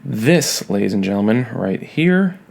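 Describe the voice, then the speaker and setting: Man, teacher, recorded online lesson, wry, unhurried, gravelly. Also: fairly low pitch, big pitch swings, darkish tone. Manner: wry, self-mocking, talks students through a sonnet aloud.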